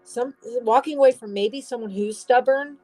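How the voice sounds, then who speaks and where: A woman's voice: fairly high pitch, normal speed, a little mellow, faint music behind, poor audio. Rambling woman tarot reader. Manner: rambling, swears casually, restarts often. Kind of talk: casual tarot reading to camera.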